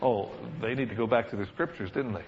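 A man leads a Bible study at an ordinary middle pitch and a fairly quick pace, reading verses and then launching into lively comments with frequent chuckles and laughing asides. The recording is dull and lo-fi, with faint noise behind him.

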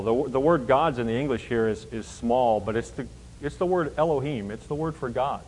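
A man's voice: medium pitch, normal speed, darkish tone, big-room sound, poor audio. A man teaching a Bible passage verse by verse, emphatic and explanatory, often asking rhetorical questions.

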